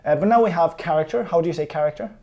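Mellow, easygoing tutor; conversational, digressive, quick to laugh. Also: medium pitch. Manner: chatty, digressive, laughs easily. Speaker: language teacher. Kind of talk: casual spoken lesson.

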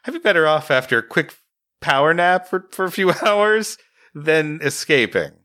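A man's voice: fairly high pitch, sing-song, normal speed, sharp tone, no room sound, clean studio sound. A man playing through a gamebook, talking casually about his choices and laughing often. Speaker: player, co-host.

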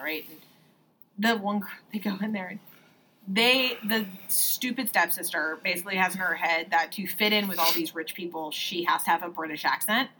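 Chatty woman with a bright voice. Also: lowish voice, slight background noise, rough recording. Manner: chatty, filler-heavy, lively with quick asides. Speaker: podcast co-host. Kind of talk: casual chat.

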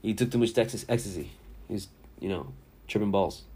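This sports talk host, in his thirties and from the Miami area, has a lowish, slightly rough voice and a brisk pace. He spins rambling, curse-laden stories with animation during casual sports chat.

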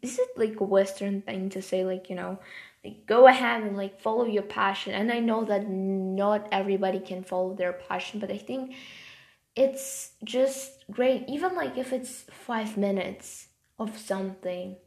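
A woman talks to her viewers in a loose, rambling vlog, with "like" filling every gap. Her voice has a gravelly, fry-heavy edge. Her pitch sits right in the middle for a woman. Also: unhurried. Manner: rambling, heavy use of "like" fillers; passionate, then softer and quieter. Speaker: vlogger. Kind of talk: casual talk to camera.

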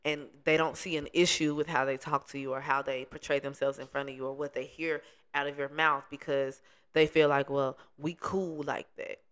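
A woman's voice: low voice, level tone, fairly quick, fairly bright tone, clean tone. A woman co-hosting a casual chat, speaking earnestly and emphatically as she gives advice. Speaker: podcast co-host.

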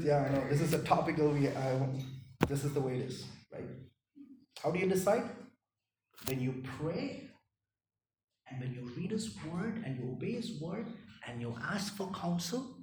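A man preaching a sermon, swinging from loud impassioned rises to hushed near-whispers, often asking "right?" and calling listeners "my friend". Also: a little high, animated, moderate pace, long pauses, echoey room, distant mic, slight background noise, low-quality recording. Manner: peppers points with "right?" and "my friend".

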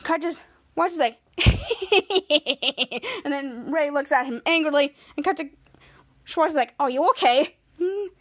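A woman's voice: high-pitched, moderate pace. A woman podcast host casually recapping an episode scene by scene, with lots of "cut to" and "he's like.". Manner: rambling scene-by-scene retelling full of "cut to" and "he's like".

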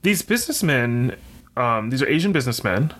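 A man's voice: mid-range voice, sing-song, fairly quick, a bit bright, slight background noise. A man co-hosting a podcast, chatting casually about a film with lots of fillers and jokes. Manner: rambling, many fillers, joking. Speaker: podcast co-host. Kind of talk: casual chat.

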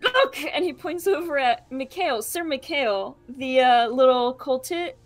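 A woman's voice: sits high, expressive, measured pace. A woman playing in a tabletop role-play game, hesitant and full of ums as she describes her character's actions. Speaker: player.

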